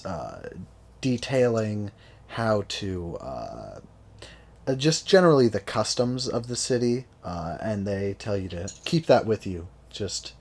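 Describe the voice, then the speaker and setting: Halting male game master. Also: fairly low pitch. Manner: relaxed, halting with many filler sounds. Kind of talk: narrating a tabletop game.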